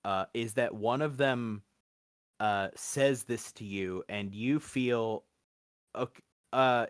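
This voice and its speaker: A man narrating as game master, relaxed, with frequent fillers and easy laughs. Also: medium pitch, slow pace, clean tone, dry recording, clean studio sound.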